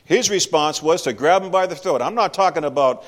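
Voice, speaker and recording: A man preaching in a church, his fairly high voice rising and falling widely as he drives points home. He talks in a conversational, emphatic way and keeps putting questions to the congregation. A long reverb from the sanctuary hangs behind every phrase. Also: animated, a little fast. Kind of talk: sermon.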